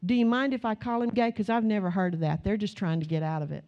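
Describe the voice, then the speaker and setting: A middle-aged woman pastor, preaching a sermon with stories, swinging from low asides to loud exclamations. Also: fairly even intonation, fast talker, highs cut off. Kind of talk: sermon with storytelling.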